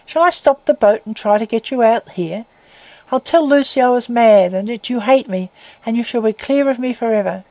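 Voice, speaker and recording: A woman reading the part of an earnest young man who pleads with his love in a slow, deep tone. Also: dark tone, no room sound, natural voice, rough recording. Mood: suppressed rage. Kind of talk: audiobook reading.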